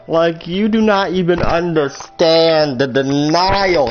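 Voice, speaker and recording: Speaking slowly with few pauses in a high-pitched voice, a teenage storytime vlogger rambles through a crude, casual story and keeps correcting himself. Faint music plays under slightly muffled, lo-fi audio.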